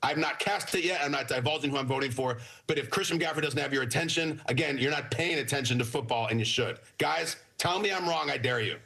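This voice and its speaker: A man argues his football pick with emphatic conviction, his voice sharp and forceful. There is a husky grain to it. He speaks as a sports talk co-host in a lively debate. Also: on the high side, fast talker, hardly any pauses.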